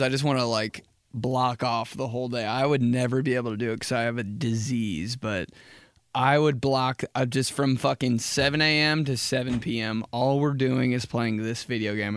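Young male podcast host, loose profane comic monologue, mid-pitched, dead-dry close mic. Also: a bit bright, smooth, dry recording. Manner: rambling, profane, acts out quick mock exchanges. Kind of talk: casual comedic monologue.

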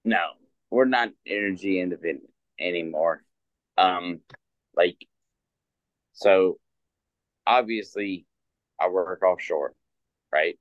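Deep, slow-talking man on dull audio. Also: no room sound. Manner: slow, hesitant, filler-heavy. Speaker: guest, offshore oil worker. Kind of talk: casual chat.

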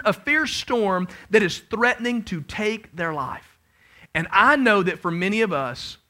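A man preaching a sermon as pastor, swinging from loud emphasis to hushed, intense passages, with humorous asides and acted-out bits of dialogue. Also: high-pitched.

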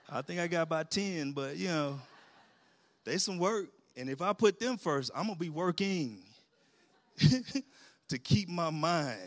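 A middle-aged man preaching in a church sanctuary, his voice sitting a little high for a man. He talks lively and colloquially, laughs along with the congregation and calls out amens between points. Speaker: pastor. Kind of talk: sermon.

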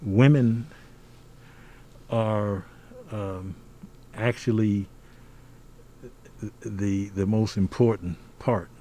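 An older American man, a podcast guest in a conversational interview, speaks emphatically and like a preacher, often tacking on "see?". His voice is lowish and warm.

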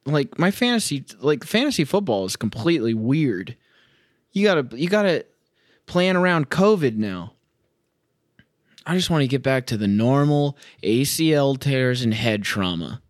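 In a sing-song, mid-range voice at a moderate pace, a young man rants solo on his sports podcast while watching a game at home. He's sarcastic, exasperated and swears freely. The recording is dry and studio-clean.

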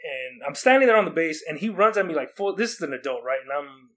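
A man's voice: fairly high pitch, expressive, quick pace, a bit bright. A young man from Oregon casually telling stories from his school days, rambling with lots of restarts and acting out quotes. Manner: rambling, many likes and restarts, acts out quotes. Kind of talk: casual storytelling.

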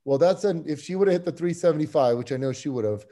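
A man as a podcast guest, telling a story in an animated, excitable way with many restarts. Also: fairly high pitch, fast talker. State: getting emotional. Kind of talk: casual chat.

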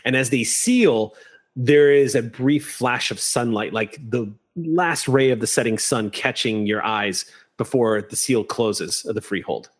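A man's voice: medium pitch, a little slow, breathy edge. A man narrating a tabletop game as game master, describing scenes at length with frequent fillers.

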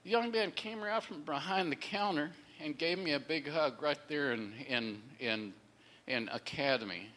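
A man's voice: on the high side, moderate pace, hardly any pauses, a bit bright. A middle-aged man telling a faith testimony in a casual, rambling way, often repeating words and acting out the people he quotes. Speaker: storyteller sharing a faith testimony.

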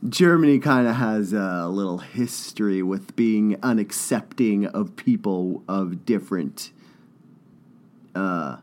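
Male co-host, casual comedy banter, mid-pitch, playful with accents. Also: takes it slowly, darkish tone. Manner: joking, puts on accents mid-story. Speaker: podcast co-host.

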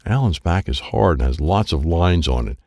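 A man reads a children's storybook aloud in a deep, gravelly voice. His pitch swings widely as he tells the story. The sound is close and dry. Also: expressive, normal speed, a little mellow, dry recording. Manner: simple first-person telling as a boy. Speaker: audiobook narrator.

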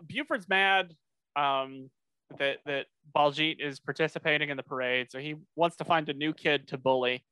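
Bright, crisp-voiced man on a podcast. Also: fairly high pitch, no echo. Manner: rambling, many fillers and restarts. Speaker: podcast co-host recapping episodes. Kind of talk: casual podcast chat.

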